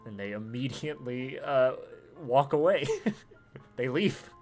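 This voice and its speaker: A man's voice: mid-range voice, expressive, a little slow, darkish tone, soft background music. A man narrating a tabletop game as dungeon master, with many fillers and restarts. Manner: filler-heavy, laughing narration.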